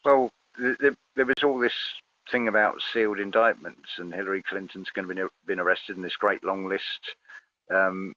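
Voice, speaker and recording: A man's voice: low voice, steady tone, normal speed, sharp tone, dull audio. A man in casual conversation as a guest, hesitant, often repeating words as he starts a thought.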